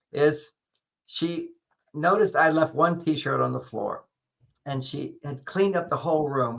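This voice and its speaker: Older male guest author, gravelly and bright, animated anecdotal delivery. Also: mid-range voice, rough recording. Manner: animated anecdotal explaining, acts out quoted lines. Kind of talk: storytelling interview answer.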